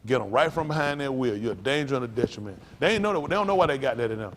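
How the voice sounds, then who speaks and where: A middle-aged male pastor preaching to a congregation, rambling through folksy stories and jumping to loud emphasis. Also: mid-range voice, lively intonation, very fast.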